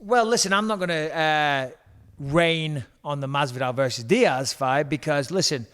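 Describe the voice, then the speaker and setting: A man's voice: on the high side, moderate pace, clear, resonant tone. An English man in his forties, a retired fighter telling stories in a casual interview at a kitchen table, chatty and joking. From England. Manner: chatty, joking, animated storyteller.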